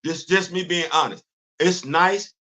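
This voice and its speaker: A middle-aged man hosting a casual solo livestream, animated, repeating himself and quizzing himself in asides. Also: sits high, a little slow. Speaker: host. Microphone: livestream studio setup.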